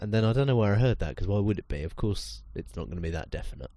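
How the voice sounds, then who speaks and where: A man, co-hosting a casual podcast chat with an animated, swearing, self-mocking manner. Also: on the low side, very fast, hardly any pauses. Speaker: podcast co-host.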